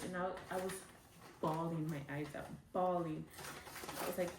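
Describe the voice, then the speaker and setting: A young woman talks casually about her own life in a chatty way, with many fillers. She sits away from the mic, and her voice rings in an echoey room. Background noise is clearly heard. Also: fairly low pitch, level tone, a little slow, long pauses, far from the mic. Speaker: vlogger. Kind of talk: casual storytelling.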